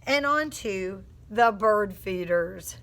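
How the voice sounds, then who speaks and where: Slow, bright-voiced woman teacher. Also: mid-range voice. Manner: expressive storytelling with phonics coaching. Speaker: teacher reading aloud. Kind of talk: read-aloud lesson for young children.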